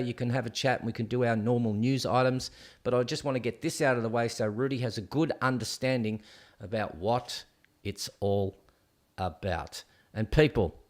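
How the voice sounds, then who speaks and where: A man with an Australian accent hosts a live call-in stream. He talks in a chatty, excitable way and keeps calling everyone "mate" and "people". His voice sits at an ordinary middle pitch. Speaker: host of a live call-in show.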